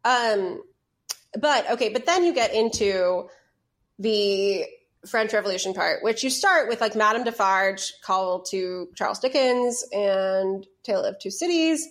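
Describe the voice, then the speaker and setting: A woman's voice: mid-range voice, a little slow. A woman co-hosting a podcast, chatting about a film and animatedly retelling its scenes. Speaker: podcast co-host. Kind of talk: casual film discussion.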